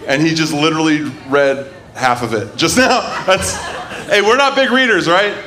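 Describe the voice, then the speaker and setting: A man hosting a comedy show, bantering loudly and teasing the comics on a club stage. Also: a little high, normal speed. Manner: loud, teasing emcee banter.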